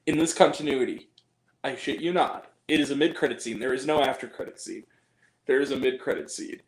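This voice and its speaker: Male movie reviewer host, exasperated and profane, slightly high-pitched voice, echoey room. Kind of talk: casual spoken movie review.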